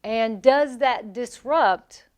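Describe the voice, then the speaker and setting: Chatty Southern woman radio co-host. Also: fairly high pitch. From American South. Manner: playful, talkative, quick asides. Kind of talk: casual radio chat.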